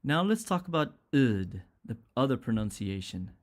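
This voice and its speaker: A man's voice: mid-range voice, very animated, moderate pace. A man teaching an English pronunciation lesson, speaking carefully and repeating sounds and example words one at a time.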